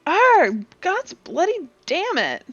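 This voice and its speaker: A woman voicing a gruff male sailor and tavern keeper with a rough pirate-like drawl, over dull lo-fi stream audio. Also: very high voice, huge pitch swings, slow pace, voice pushed up, exaggerated voice.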